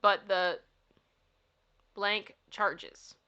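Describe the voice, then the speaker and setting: A woman with a steady, mid-range voice draws out her words in a sharp, clean tone, though the recording sounds lo-fi. She's hosting a casual livestream, reading funny signs aloud, giggling playfully, laughing often and talking back to her chat.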